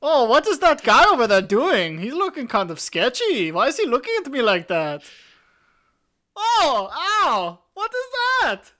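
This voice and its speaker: A man putting on a goofy comic voice as a rambling, excitable young assassin. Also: a little slow, exaggerated voice. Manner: goofy, high-pitched exaggerated comic voice.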